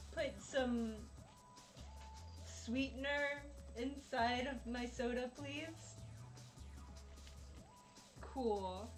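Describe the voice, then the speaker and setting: A woman live-streaming while she plays a video game, chatting casually and dramatically, exasperated and laughing often. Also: on the high side.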